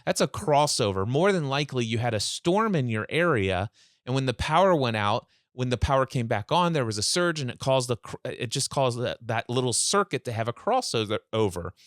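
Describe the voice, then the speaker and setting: Animated male storyteller, dry sound. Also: medium pitch, brisk, dry recording. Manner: animated storyteller, acts out both sides of a phone call. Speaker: podcast guest, mindset coach. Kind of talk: storytelling in a podcast interview. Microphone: remote call.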